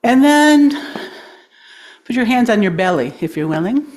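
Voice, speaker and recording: A woman speaker at a congregation gathering, gently guiding listeners through breathing and grounding, encouraging and quick to laugh. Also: on the high side, big pitch swings. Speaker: guest speaker. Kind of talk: guided breathing exercise in a talk. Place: congregation hall.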